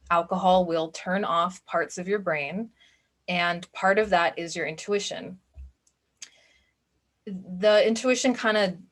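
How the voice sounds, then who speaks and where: A woman's voice: on the low side, fairly bright tone. A woman coach giving a recorded masterclass in a casual, chatty way, often saying "like". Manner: chatty, informal, many "like" fillers. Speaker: business and spiritual coach.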